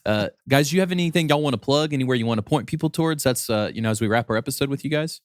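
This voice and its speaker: A man's voice: medium pitch, very fast, dry recording, studio quality. A man co-hosting a podcast, joking around and wrapping up the episode in casual chat. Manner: joking, wraps up the show. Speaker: podcast co-host.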